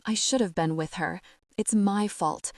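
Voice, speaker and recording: A woman voicing a devastated young man who blames himself, in a low, heavy, quietly broken way. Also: measured pace, dry recording, studio quality, close to an everyday voice. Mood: anguished. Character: grieving young man, devastated and guilt-ridden.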